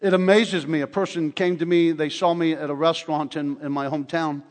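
An older man preaching a sermon in a church, telling stories with animated humor. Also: on the high side, brisk. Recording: long hall reverb.

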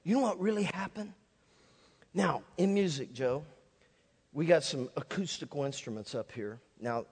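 A male pastor delivers a sermon from a church stage in a fairly high voice. He tells stories with imitated sound effects. His voice rings out with a long reverb through the hall. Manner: lively storytelling with sound effects. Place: church sanctuary.

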